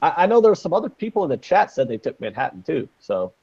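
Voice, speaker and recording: A man's voice: fairly high pitch, big pitch swings, quick pace, a little mellow, slightly rough, highs cut off. A man co-hosting a casual sports betting podcast, rambling and joking with lots of fillers. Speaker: podcast co-host.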